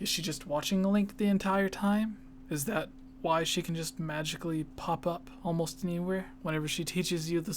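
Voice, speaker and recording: Gaming podcast host, chill, reads out listener questions, mid pitch. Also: a little hiss or hum. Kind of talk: casual podcast chat.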